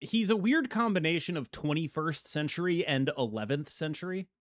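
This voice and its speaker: Guy hosting a chat, kinda high voice, animated, laughs a lot, dry close sound. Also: no room sound. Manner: animated, fast, quick laughs. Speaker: host. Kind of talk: casual chat about card game art.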